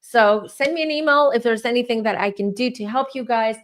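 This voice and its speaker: A woman's voice: a little high, fairly quick. A woman whose first language is French, hosting a tarot channel and chatting casually and ramblingly with her livestream viewers.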